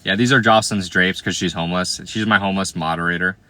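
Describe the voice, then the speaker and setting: With no echo on the recording, a man from Iowa in his late twenties runs a casual livestream, responding to viewer comments quickly and in a steady tone. He sounds bright and forward despite a slightly low voice, joking in slang and often murmuring quiet asides.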